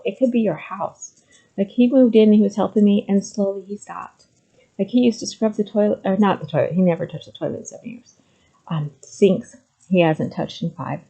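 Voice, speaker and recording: A middle-aged woman talks candidly to the camera in a relaxed, mellow voice. She hesitates with frequent ums, then presses her points emphatically. The recording sounds slightly muffled and lo-fi. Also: medium pitch. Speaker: vlogger sharing personal story. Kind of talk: candid personal talk to camera.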